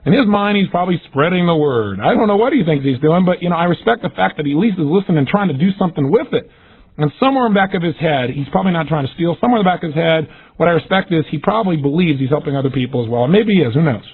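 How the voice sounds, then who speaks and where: A man giving an energetic, emphatic motivational seminar talk, acting out the questions he quotes. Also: on the high side, very fast, husky. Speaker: motivational speaker. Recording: tinny phone-like lo-fi audio.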